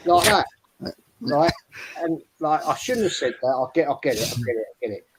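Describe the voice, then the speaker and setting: This Arsenal fan, a podcast panelist, rambles through a sweary story during casual football chat, peppering it with "right?". His voice runs on the high side with big pitch swings at normal speed, against a noisy background.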